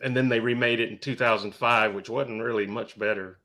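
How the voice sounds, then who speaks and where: A man co-hosting a podcast, chatting casually with a halting, joking manner. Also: mid-range voice, steady tone, sharp tone. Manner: halting, restarts a lot, joking. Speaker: podcast co-host. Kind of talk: casual chat.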